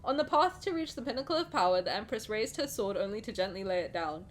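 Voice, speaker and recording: A woman's voice: medium pitch, big pitch swings, quick pace. A woman streamer reads a game story aloud and reacts to it with effusive, emotional chatter. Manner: effusive, emotional, laughs often.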